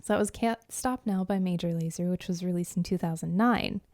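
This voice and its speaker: A woman's voice: on the low side, a little fast, a little mellow, no room sound, studio quality. A woman co-hosting a casual podcast chat, talking about music in an enthusiastic, chatty way with lots of fillers. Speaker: podcast co-host.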